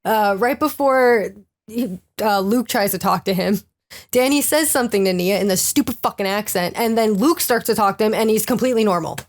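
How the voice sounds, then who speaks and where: A woman's voice: medium pitch, fairly quick. A woman co-hosting a casual podcast, recapping a reality show in a jokey way, full of likes. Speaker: podcast co-host.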